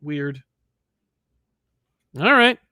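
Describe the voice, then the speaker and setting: A man co-hosts a casual comic-book chat, reading out viewer messages and breaking into quick acted-out lines. His voice sits a little high for a man and is recorded dry and close in a small studio. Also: clean tone, no echo. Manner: animated, acts out characters in quick asides, many restarts. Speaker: co-host reading viewer super chats. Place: rented studio.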